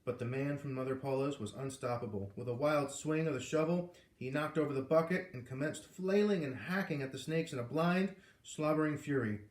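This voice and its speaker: A man reading a chapter of a novel aloud in an even, measured storytelling manner. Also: fairly high pitch. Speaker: reader. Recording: roomy echo.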